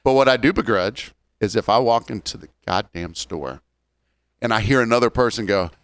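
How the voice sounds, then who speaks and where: Smooth-voiced man in his forties, ranting. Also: on the low side, fairly bright tone, no room sound. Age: 40s. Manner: joking, ranting, drawn-out storytelling. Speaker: podcast co-host. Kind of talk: casual chat.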